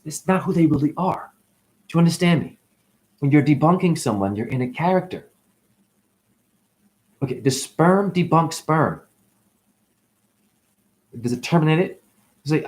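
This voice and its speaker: A man giving a free-flowing spiritual monologue on his channel. He talks animatedly, calls the listener honey, and swings between loud bursts and whispers. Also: measured pace, long pauses. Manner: animated, sudden jumps in pitch and loudness. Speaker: spiritual vlogger.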